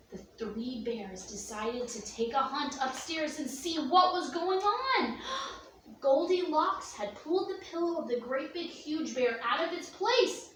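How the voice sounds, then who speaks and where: Bright, high-voiced woman reading storytime to kids, slow and animated, roomy and distant. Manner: expressive, slow, with gasps and sweeping pitch. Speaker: storyteller for children. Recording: echoey room, distant mic, faint ambience.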